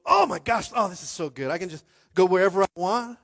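A young man preaching a sermon as pastor, conversational and animated, calling out to the congregation. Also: high-pitched, fairly quick, creaky.

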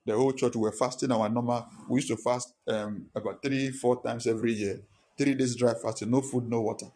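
A man's voice: mid-range voice, fairly even intonation, a little fast, warm tone. A male pastor, preaching a sermon with impassioned rhetorical questions.

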